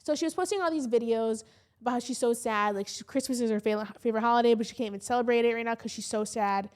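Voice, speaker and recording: A woman with a Midwestern American accent talks in a fairly high voice. She co-hosts a podcast and tells stories in a loose, rambling way, full of fillers and swearing. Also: quick pace. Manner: swears freely, rambling storytelling with lots of fillers. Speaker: podcast co-host. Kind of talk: casual chat.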